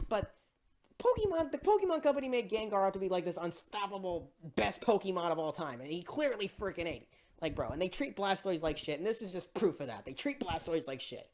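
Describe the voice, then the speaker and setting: Excitable ranting reviewer with a lively voice. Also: mid-range voice. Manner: excitable, exasperated, swears, repeats "bro". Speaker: movie reviewer.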